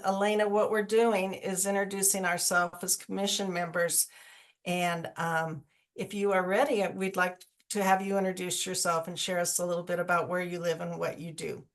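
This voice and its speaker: Chatty woman on a video call. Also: mid-range voice. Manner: loose and chatty, many fillers. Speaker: agriculture commission member introducing colleagues. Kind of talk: virtual public forum, casual introductions.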